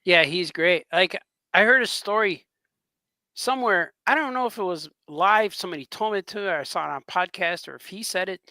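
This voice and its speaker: A man, a cartoonist co-hosting a podcast, chatting casually and telling rambling, excitable stories, often laughing as he talks. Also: high voice, fairly quick, dry recording. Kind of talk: casual chat, storytelling.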